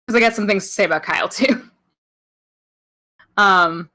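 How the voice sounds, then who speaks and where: A young American woman from upstate New York, co-hosting a podcast in loud, animated, joking casual chat. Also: mid-range voice, slow. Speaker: podcast co-host.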